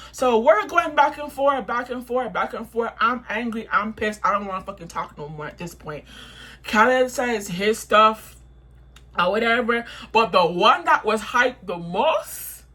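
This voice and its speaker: A young woman tells a storytime vlog in a bright, sharp voice. She vents heatedly, swearing and repeating her points for emphasis. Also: on the high side, slightly rough. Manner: heated, profane, repetitive venting.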